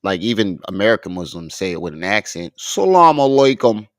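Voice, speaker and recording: A man's voice: sits low, fast, a bit bright, dry recording, clean studio sound. A man giving profane reaction commentary, mocking and arguing with the clips he plays. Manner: mocking, argumentative, swears heavily. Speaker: commentary streamer.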